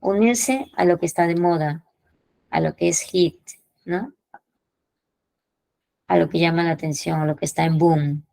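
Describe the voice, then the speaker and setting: A woman runs an English lesson, moving between English and as she explains idioms. Her voice sits fairly low with a gravelly edge, and the sound is dry and close. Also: steady tone, normal speed, long pauses, mellow, dry recording, poor audio. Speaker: English teacher.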